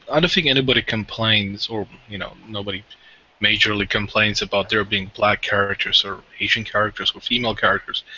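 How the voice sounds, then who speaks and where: A man with a low but very bright, forceful voice jokes around and laughs easily in a casual group discussion. The recording is dull and lo-fi. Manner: jokey, quick to laugh. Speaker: panelist.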